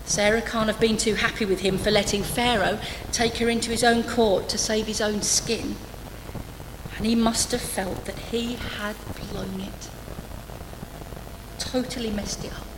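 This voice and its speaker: A woman's voice: fairly high pitch, steady tone, measured pace, background noise. A woman preaching a sermon to her church, conversational and humorous, with dry asides. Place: church hall. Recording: echoey church hall, faint ambience.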